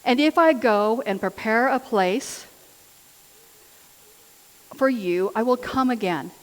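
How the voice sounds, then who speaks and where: A woman's voice: a little high, slow. A woman giving a sermon in an earnest, personal storytelling manner. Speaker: lay preacher. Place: church hall. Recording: church hall with long reverb.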